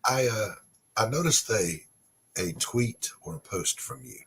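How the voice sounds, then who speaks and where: A man's voice: on the low side, lively intonation, unhurried, a bit bright, slightly rough. A middle-aged man hosting a podcast, rambling and self-deprecating as he chats with his guests. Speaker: podcast host. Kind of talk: casual chat.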